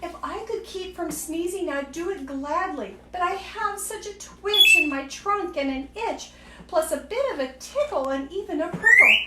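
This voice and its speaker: A storybook elephant, high-strung and pleading, pitched well above the woman who puts it on. The voice is bright and high, and the room rings with echo. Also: lively intonation, moderate pace, recorded from a distance, heavy background noise. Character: fretful elephant who must sneeze.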